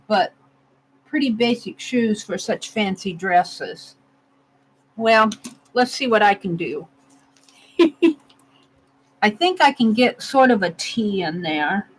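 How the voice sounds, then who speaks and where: A woman's voice: mid-range voice, low-quality recording. A woman narrating casually as she carves a stamp, thinking aloud and laughing at herself. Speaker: art vlogger. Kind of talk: casual narration while crafting.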